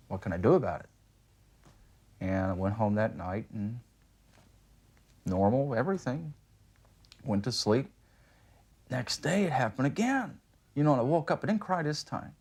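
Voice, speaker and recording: Interviewee, man, lowish voice, plain and halting, lots of filler. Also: a little mellow. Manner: plain, halting, full of "you know". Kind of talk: recounting a personal experience.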